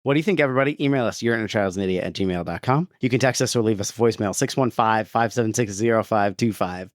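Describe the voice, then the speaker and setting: A man's voice: fairly low pitch, fast, no room sound, studio quality. A man co-hosting a podcast in casual, jokey chat, laughing often. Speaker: podcast co-host.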